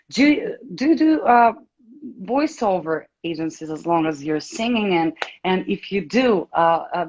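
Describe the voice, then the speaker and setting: A woman hosting an interview over a video call, asking questions haltingly with many fillers and restarts. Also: deep voice, a little mellow, highs cut off. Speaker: interview host.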